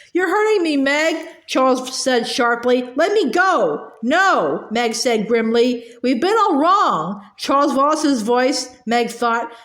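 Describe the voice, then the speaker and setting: In an echoey room, a woman with a high voice reads a novel aloud. Now and then she stumbles over words and starts them again, and she raises her pitch for the dialogue.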